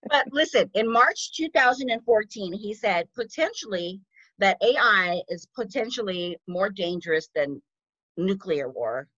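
Bright-voiced chatty woman, dull recording. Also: medium pitch, animated, no room sound. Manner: quick, lots of fillers and restarts. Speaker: podcast co-host. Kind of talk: casual chat.

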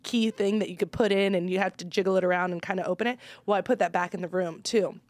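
A woman's voice: lowish voice, fairly even intonation, fast, no room sound. Giggly self-deprecating woman co-host. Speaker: podcast co-host. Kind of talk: casual chat.

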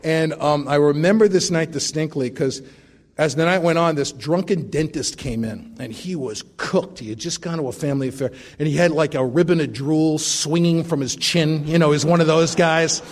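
A man's voice: on the high side, moderate pace. A middle-aged man sharing his recovery story at a meeting, with wry, self-mocking humor.

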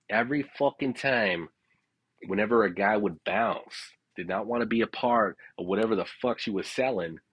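Low-voiced man telling a rambling story. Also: husky, no room sound, highs cut off. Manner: rambling, profane, frequent "you know what I'm saying"; laughs at his own story. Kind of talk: casual storytelling monologue.

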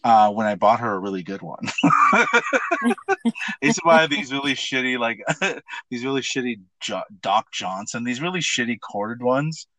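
Lively joking man with a bright voice. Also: medium pitch, moderate pace. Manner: crude, joking, lively storyteller. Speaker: podcast co-host. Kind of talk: casual chat.

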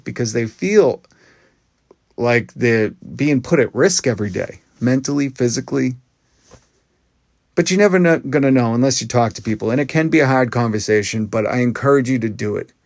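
A man's voice: medium pitch, vocal fry, no echo. Earnest man talking shop, dry close mic. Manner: earnest and conversational, with frequent restarts. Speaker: podcast host. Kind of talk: casual monologue.

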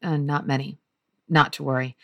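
A woman's voice: deep voice, flat delivery, moderate pace, fairly bright tone, no echo. A woman reading a wry young man who addresses a theatre audience in a play.

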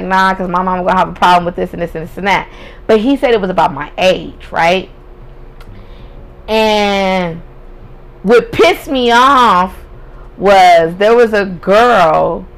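A young woman with a medium-pitched voice hosts a podcast, casually telling a personal story. She's candid and profane and laughs often. The recording quality is low.

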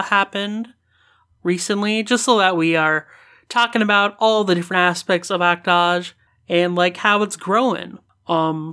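A podcast co-host in a relaxed casual chat, using frequent fillers. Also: medium pitch.

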